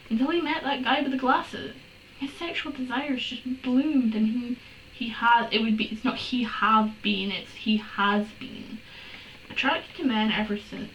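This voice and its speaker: Sarcastic woman, fairly high voice, reading and roasting a story in a roomy, off-mic recording. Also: a little slow, fairly bright tone. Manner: exasperated, sarcastic, swears and laughs. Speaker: fanfiction reader. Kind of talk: comedic dramatic reading with commentary. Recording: roomy room, distant from mic, faint hiss.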